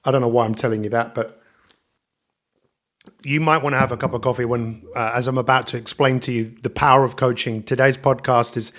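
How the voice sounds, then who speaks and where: A man hosting his own motivational podcast about coaching, talking alone in an energetic, upbeat way and repeating catchphrases. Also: medium pitch. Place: indoors at home, coffee in front of him.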